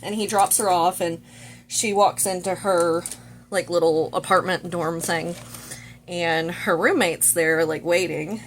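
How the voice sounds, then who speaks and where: A woman's voice: on the low side, steady tone, measured pace, a little hiss or hum. Chatty woman recapping a movie. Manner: chatty, full of "like" and "you know" fillers. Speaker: vlogger. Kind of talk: casual movie recap while doing makeup.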